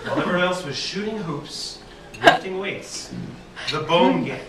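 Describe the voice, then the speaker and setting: A man giving a humorous keynote speech at an awards dinner, telling an absurd story in a playful way with deadpan asides. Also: high voice, moderate pace. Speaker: keynote speaker. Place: banquet hall at an awards dinner. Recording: echoey, distant hall recording with loud noise.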